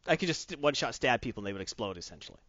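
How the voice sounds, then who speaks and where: A man's voice: mid-range voice, sing-song, rapid-fire, a bit bright, no room sound. Enthusiastic rambling man, dull dry sound. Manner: enthusiastic, rambling with many restarts. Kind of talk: casual chat about tabletop games.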